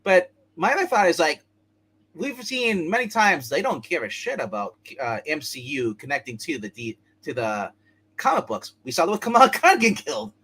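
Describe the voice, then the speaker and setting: A man co-hosting a live comic book chat, talking in a quick, rambling, joking way. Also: a little high, sing-song, sharp tone, slightly rough. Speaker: co-host. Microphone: live stream setup.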